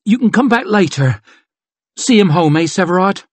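Guy doing a scrappy hurt girl thief, voice pushed way up, strained, husky, dry audiobook read. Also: high-pitched, lively intonation, moderate pace, no room sound, voice pushed up. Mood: gritty. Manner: strained, hiding pain. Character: tough, wounded young woman thief.

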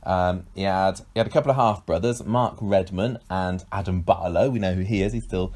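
Male podcast co-host, low voice, playful and self-mocking, casual chat delivery. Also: a little fast, few pauses, a little mellow. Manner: jokey, self-mocking, tries silly accents.

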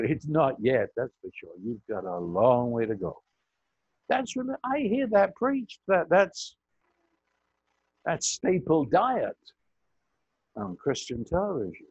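An older man preaching a sermon slowly and emphatically, his pitch swinging high for emphasis. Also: big pitch swings, a little mellow, breathy edge, no echo. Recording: muffled audio with buzz.

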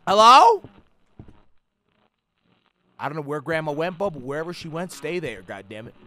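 A young gaming streamer talks through a scary game in a bright, high voice that leaps all over the place. He swears freely, slips into slang and bursts into sudden yells whenever something startles him. A faint hiss of noise sits under the recording. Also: big pitch swings, moderate pace. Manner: profane, yelling outbursts at jump scares, slangy banter. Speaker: gaming YouTuber. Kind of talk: horror game commentary.

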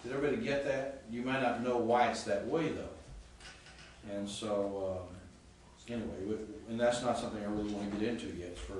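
Recorded from a distant camera in an echoey classroom with faint background noise, a Greek teacher explains material, often restarting and checking that his students keep up. He speaks at a normal speed in a fairly low, darkish voice.

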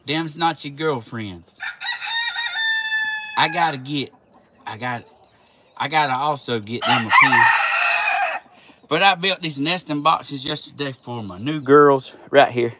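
A man chatting casually outdoors by his animal pens, slow and doting, slipping into baby-talk with his animals. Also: mid-range voice. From Southern United States. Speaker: vlogger. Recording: loud outdoor background noise. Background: chickens clucking and roosters crowing.

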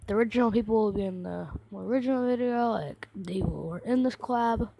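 A woman's voice: mid-range voice, a little fast, vocal fry, mellow, no echo. A sick woman with a cough, hosting a casual reaction video and exclaiming often.

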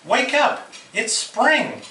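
A man reading aloud and voicing an eager, cheerful male frog from a children's storybook, calling out brightly. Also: sits high, big pitch swings, normal speed, crowd noise. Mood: urgent calling. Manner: calls out brightly and urgently. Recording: echoey room, far mic, loud party noise.

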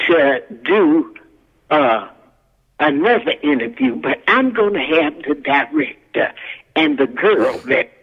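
A woman's voice: fairly low pitch, creaky, slightly rough, dull audio. An older woman, a guest actress and singer, telling stories from her career in a folksy, country-spoken way. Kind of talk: casual storytelling interview.

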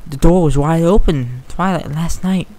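A man's voice: fairly high pitch, moderate pace, mellow, pitched above the performer's own voice, close to an everyday voice. A man voicing a timid young female pegasus pony who stammers in tearful whispers. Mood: frightened.

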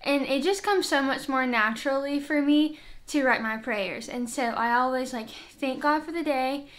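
A woman's voice: high-pitched, normal speed. A woman vlogger in casual chat to camera, earnest and chatty, filling her talk with "like.". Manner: earnest, chatty, heavy use of "like". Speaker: faith vlogger. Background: soft worship music.

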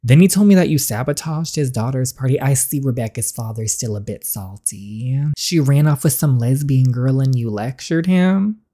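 A woman reading an interactive story game aloud and reacting to it, voicing every character in her own voice and jumping up high and loud when she reacts. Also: moderate pace, hardly any pauses.

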